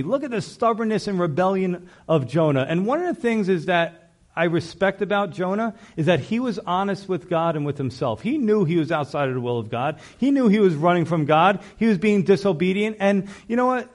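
Male pastor, high-pitched, conversational sermon delivery with acted-out dialogue. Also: animated, a little fast, a little mellow.

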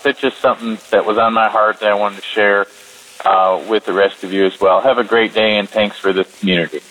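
A man calls in to share what has been on his heart this week. His voice sits somewhat low, and he talks softly and haltingly, with many ums and uhs. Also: fairly even intonation, low-quality recording. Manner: soft-spoken, hesitant, many fillers. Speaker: caller. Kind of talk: casual voicemail testimony.

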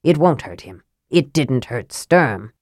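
A woman's voice: rumbling low, big pitch swings, slow, a little mellow, breathy edge, no room sound, studio quality, voice pushed down, exaggerated voice. A woman voicing a calculating young male mage who talks coolly and persuasively.

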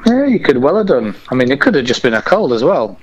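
A man calling a radio show, chatting in a relaxed, easygoing way. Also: medium pitch, fast talker, poor audio. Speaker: caller. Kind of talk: casual phone chat.

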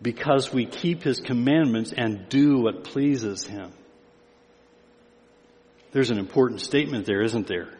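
A man's voice: medium pitch, unhurried, pauses often, a little mellow, in a large hall. An older man preaching a sermon as pastor, with emphatic build-ups on key phrases.

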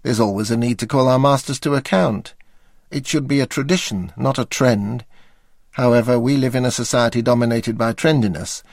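Gravelly older man reading his memoir. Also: mid-range voice, moderate pace, dry recording. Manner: dry, wry understatement. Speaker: memoir narrator.

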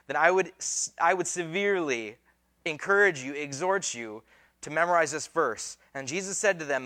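A man delivering a sermon as a pastor, his voice sitting high for a man. He talks casually and conversationally, slipping in slang and acting out the people in the story. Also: lively intonation, brisk, pushed and bright. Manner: casual, conversational preaching with slang and acted-out quotes.

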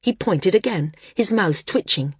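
A woman narrating a novel in measured storytelling. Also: mid-range voice, lively intonation, husky, dry recording, clean studio sound. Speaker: audiobook narrator. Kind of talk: scripted narration.

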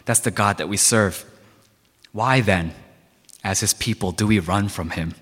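A man's voice: fairly low pitch, measured pace, fairly bright tone, slightly rough. A man preaching a sermon as a pastor, emphatic and repetitive, with many rhetorical questions. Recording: long reverb of a large hall.

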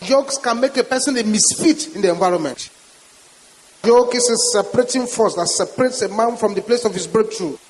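A man's voice: sits high, brisk. A man with a Nigerian accent preaching a sermon as a pastor, with emphatic, repetitive declarations. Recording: reverberant hall with faint hiss.

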